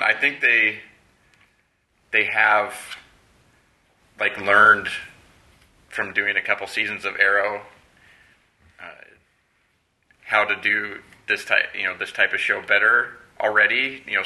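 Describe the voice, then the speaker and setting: A man co-hosting a casual TV podcast, relaxed and often saying "you know". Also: lowish voice. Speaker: podcast co-host. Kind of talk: casual chat. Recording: roomy echo.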